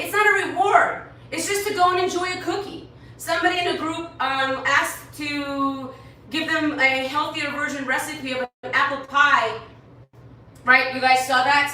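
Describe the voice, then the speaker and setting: A woman's voice: high voice, pushed and bright, very echoey, recorded from a distance, slight background noise, poor audio. A woman in her thirties from New York, a fitness coach talking earnestly and rambling a bit to her followers. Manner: earnest, rambling, repeats herself. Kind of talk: casual talk to followers.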